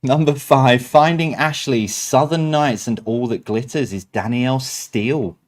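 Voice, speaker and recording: Chatty quiz host reading answers. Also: male voice, mid-range voice, a little slow. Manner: chatty, self-mocking asides between answers.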